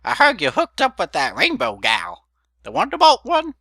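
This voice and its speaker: A man's voice: extremely high pitch, huge pitch swings, moderate pace, bright, forceful tone, no echo, clean studio sound, pitched above the performer's own voice, full character voice. A man voicing a nosy, feisty elderly female pony with a teasing folksy drawl.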